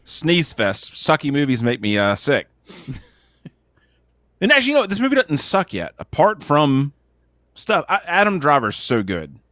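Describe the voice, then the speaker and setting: Animated joking male podcast host. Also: a little high, moderate pace, pauses often, no room sound, clean studio sound. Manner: joking, tangent-prone, swears lightly. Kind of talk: casual movie review chat.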